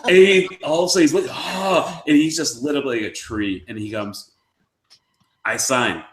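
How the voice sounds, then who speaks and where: A man's voice: a little high, brisk. Guy rambling through a story on a live stream, laughs a lot, echoey room. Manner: excitable, rambling, laughs often. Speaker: podcast co-host.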